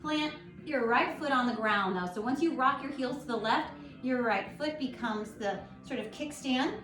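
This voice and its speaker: A woman guiding a yoga class at home, calm and encouraging as she talks listeners through each pose. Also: a little high, moderate pace. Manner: calm, encouraging, gently instructive. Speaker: yoga instructor. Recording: echoey room with faint music.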